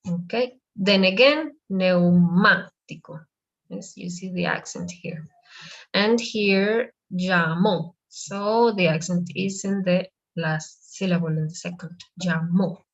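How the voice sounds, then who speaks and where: A woman teaching an online language class, explaining slowly and patiently over a video call. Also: on the low side. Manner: slow, patient explanations mixing two languages. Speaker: Spanish teacher. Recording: muffled lo-fi video call audio.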